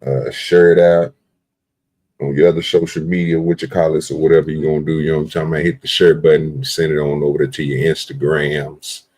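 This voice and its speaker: A man's voice: extremely low pitch, flat delivery, fairly quick, a little mellow. A man hosting a live stream, chatting in a laid-back, rambling, slangy way. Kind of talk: casual live stream chat.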